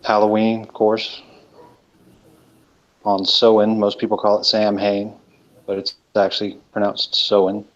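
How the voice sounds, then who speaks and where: Low, flat-voiced man on a lo-fi stream. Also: moderate pace, long pauses. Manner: rambling, hesitant, with many fillers. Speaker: co-host of a live stream. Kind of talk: casual live-stream chat. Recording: dull lo-fi stream audio.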